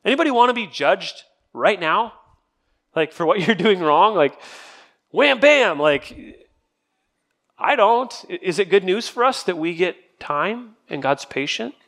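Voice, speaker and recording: A man's voice: high-pitched, lively intonation, measured pace, a bit bright. A man teaching a casual sermon-style Bible study, reading scripture dramatically and asking the group questions. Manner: conversational, asks the group questions. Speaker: pastor.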